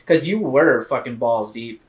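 A man hosting a podcast, asking questions in a halting, casual way with restarts and swearing. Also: medium pitch, expressive. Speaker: podcast host. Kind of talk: casual interview.

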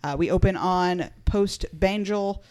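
A woman's voice: lowish voice, slow pace, darkish tone, clear, resonant tone. A woman hosting a casual podcast, recapping an episode with playful asides. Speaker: podcast host.

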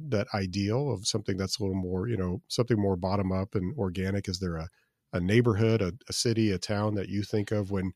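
A man's voice: fairly low pitch, darkish tone, no echo, clean studio sound. A man hosting a podcast, asking loose, rambling questions with many fillers. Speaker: podcast host. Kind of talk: casual podcast interview.

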